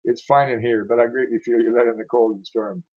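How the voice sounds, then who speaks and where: A man reading Sam McGee, a calm dead prospector. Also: medium pitch, brisk, narrow, tinny audio, natural voice.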